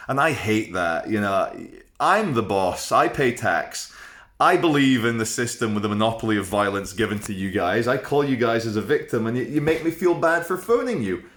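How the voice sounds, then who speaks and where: Low-voiced man rambling frankly. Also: animated, normal speed, fairly bright tone. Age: 30s. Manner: chatty, rambling, frank, with many fillers and restarts. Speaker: vlogger. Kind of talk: casual storytelling to camera.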